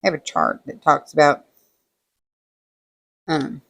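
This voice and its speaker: A diamond painting vlogger talks while crafting at home, her low voice slow and creaky. She drifts through rambling stories, animatedly acting out other people's words.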